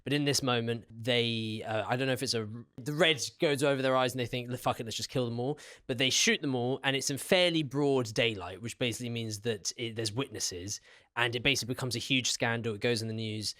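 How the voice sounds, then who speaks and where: A man's voice: medium pitch, brisk, sharp tone. A man co-hosting a casual history podcast, teasing his partner and swearing casually while he retells events. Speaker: podcast co-host.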